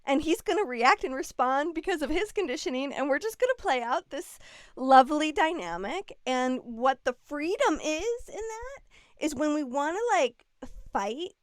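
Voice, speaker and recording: A woman guest on an interview podcast, talking about relationships in an expressive way and often acting out quoted dialogue. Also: high-pitched, moderate pace, dry recording, clean studio sound. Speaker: guest, relationship and leadership mentor. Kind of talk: casual conversational interview.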